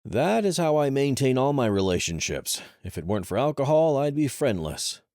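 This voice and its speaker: A man voicing a cheery, wisecracking male adventurer guide who jokes with quick comebacks. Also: medium pitch, sing-song, darkish tone, dry recording, studio quality, voice pushed up. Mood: wry.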